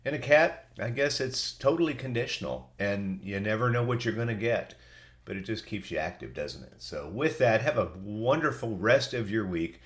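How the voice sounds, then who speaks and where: A man's voice: on the low side, expressive, moderate pace. A middle-aged man with a cold, hosting a podcast in a chatty, folksy way as he reads out listener answers. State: has a cold. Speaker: podcast host. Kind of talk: casual solo podcast reading listener answers.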